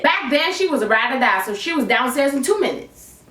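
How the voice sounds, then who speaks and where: A young adult YouTuber tells a personal storytime tale from her bedroom, animated, playful and slangy, with a raised on-camera voice. Her voice sits high and moves a little fast, recorded in an echoey room with the mic at a distance.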